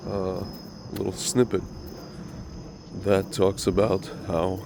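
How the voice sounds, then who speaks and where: A man's voice: low-pitched, monotone, takes it slowly, gravelly, background noise. A man hosting a casual commentary monologue who talks straight to his viewers in a rambling, opinionated way, his voice slightly nasal from a recent cold. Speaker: religious commentary host.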